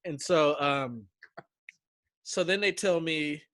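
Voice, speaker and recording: Young male guest, bright and lively, slangy storyteller, dry close recording. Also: a little high, slow, dry recording. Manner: animated, acts out quotes with slang and swearing. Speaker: guest telling a survival-show story. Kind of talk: casual storytelling chat.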